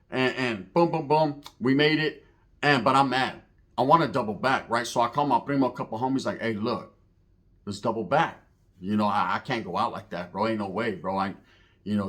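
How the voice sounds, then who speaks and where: A middle-aged man recounts a story in a loose, streetwise way, swearing freely and checking in with "right?" after his points. His pitch sits at an ordinary middle level for a man. He slips into the voices of the people in the story as he goes. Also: fairly bright tone. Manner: streetwise slang and profanity, frequent "right?"; acts out other people's lines in the story. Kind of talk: casual storytelling to camera.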